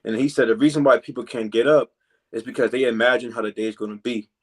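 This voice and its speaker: A man teaching from scripture in a relaxed preaching style, filling pauses with "man" and "you know" and reading verses slowly. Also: medium pitch, husky. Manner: reads verses slowly and deliberately.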